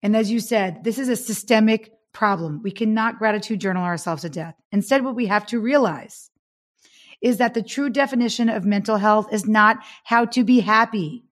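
A woman's voice: mid-range voice, normal speed. A woman author, a guest on a podcast, speaking with passion and emphasis about her ideas. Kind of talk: interview conversation.

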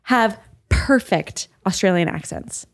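A woman's voice: mid-range voice, animated, takes it slowly. A woman co-hosting a podcast in casual chat, explaining things with hesitant fillers. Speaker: podcast co-host.

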